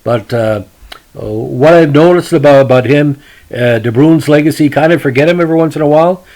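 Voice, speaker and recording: A man hosting a hockey history podcast, talking in a folksy, rambling way, often addressing "ladies and gentlemen" and stopping to restart with fillers. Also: a little high, a little fast, low-quality recording. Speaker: podcast host.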